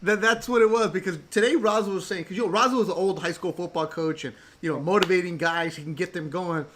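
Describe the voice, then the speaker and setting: A man's voice: high-pitched, fast talker, fairly bright tone, a little hiss or hum. A male host in a casual chat, laughing often and switching topics on the fly. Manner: chatty, laughs often, jumps between topics.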